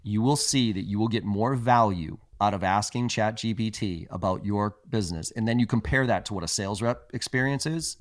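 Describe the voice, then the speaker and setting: A man's voice: lowish voice, a little fast, few pauses, no room sound, clean studio sound. A man who is a guest on a podcast about sales, telling stories in a blunt, emphatic and often profane way. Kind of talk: casual interview chat.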